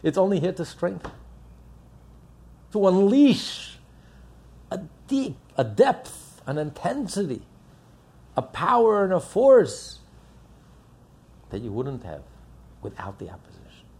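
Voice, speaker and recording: A man's voice: sits high, sing-song, slow, pauses often, a little mellow, husky. A man preaching a sermon, impassioned and building up with rhetorical questions. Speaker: religious teacher.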